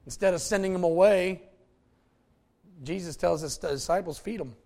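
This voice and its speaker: Gravelly, high-voiced preacher man. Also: moderate pace. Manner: folksy, animated preaching with asides to the congregation. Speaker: pastor. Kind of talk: sermon.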